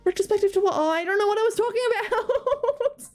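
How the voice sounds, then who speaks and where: A woman's voice: very high voice, brisk, a little mellow, faint music behind. A woman streamer chatting casually and giggling as she reads chat and talks to her cats.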